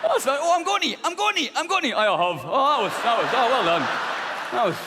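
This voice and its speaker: A man doing a prim, squeaky Scottish gent. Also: expressive, fast, a loud crowd, heavy background noise. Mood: genteel. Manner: prim, politely chatty, squeaky rises. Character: genteel, polite Scottish man in porn. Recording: live stage, audience laughter.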